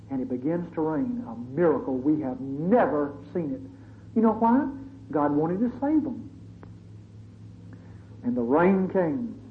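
High-voiced preacher on a tinny recording. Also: male voice. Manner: dramatic, conversational, storytelling. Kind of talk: sermon. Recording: tinny phone-like recording, faint hiss.

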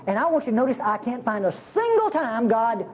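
A woman preaches a sermon in a conversational, animated way, her voice climbing and dropping widely as she asks the congregation questions. The recording is slightly dull, with a faint hiss underneath. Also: a little high, fairly quick.

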